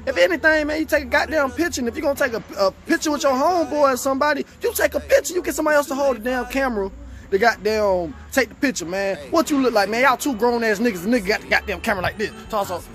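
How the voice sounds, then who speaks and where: A man's voice: very high voice, fast, a bit bright. A young man hosting his own vlog, ranting casually to the camera in profane street slang. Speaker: vlog host. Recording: music playing under the voice.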